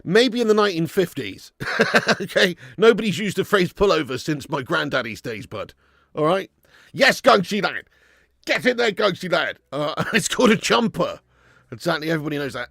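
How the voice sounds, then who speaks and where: A man's voice: sits high, very animated, normal speed, gravelly, bright, forceful tone, no echo, clean studio sound. A man hosting a live football watch-along stream, bantering and laughing as he reads out viewer messages.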